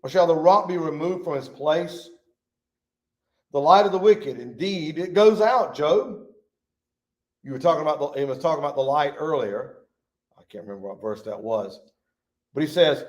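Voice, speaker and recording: A man's voice: a little high, normal speed, pauses often, darkish tone. A man teaching a Bible study in a folksy, emphatic way, reading scripture aloud.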